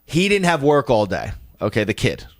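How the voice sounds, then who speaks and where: A man's voice: medium pitch, moderate pace. A young man co-hosting a comedy podcast, telling a story in casual chat and acting out the people in it, with plenty of swearing. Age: young adult. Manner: animated storyteller, acts out quoted people, swears a lot. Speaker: podcast co-host.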